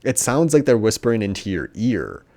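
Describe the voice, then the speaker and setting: A man's voice: fairly low pitch, sing-song, normal speed, dark tone. A young man reviewing a movie in a casual, profane rant, rambling with lots of fillers and sarcasm.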